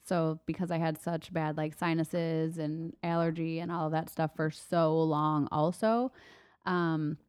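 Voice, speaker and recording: A woman in a relaxed casual chat, rambling a little with fillers. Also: low voice, a little slow, smooth, no echo, clean studio sound.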